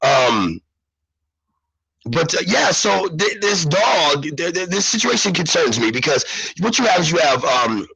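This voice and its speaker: Husky-voiced man hosting a live show. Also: a little high, sing-song, a little slow, sharp tone, rough recording. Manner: rambling, many restarts and fillers. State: sick, under the weather. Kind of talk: live news commentary.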